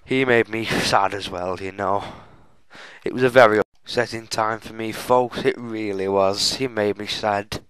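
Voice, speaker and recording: A man's voice: on the low side, steady tone, measured pace, fairly bright tone, smooth, dry recording, rough recording. A young man giving chatty, self-mocking walkthrough commentary on a game, often addressing viewers as folks. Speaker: gaming channel host.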